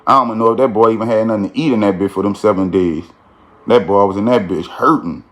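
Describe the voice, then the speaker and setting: Man, casual street storytelling, slangy and animated, keeps asking "you feel me". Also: lowish voice, quick pace.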